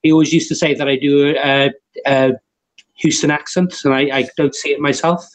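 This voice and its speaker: A man running a tabletop game as game master, chatting with his players and often pausing with "uh" and restarting his sentences. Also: on the high side, fairly even intonation, rough recording.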